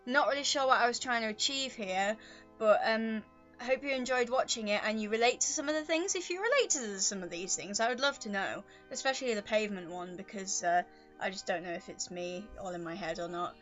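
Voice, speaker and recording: In a brisk, mid-range voice captured on dull audio, a woman vlogs from home with a pet on her lap. Her monologue is casual and rambling, with self-deprecating asides, and choir music sounds quietly in the background.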